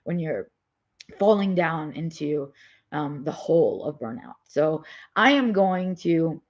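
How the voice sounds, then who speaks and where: A woman's voice: on the low side, darkish tone. A woman live-streaming a candid personal vlog, rambling with fillers and restarts, while fighting a migraine. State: has a migraine. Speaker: vlogger. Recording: dull lo-fi audio.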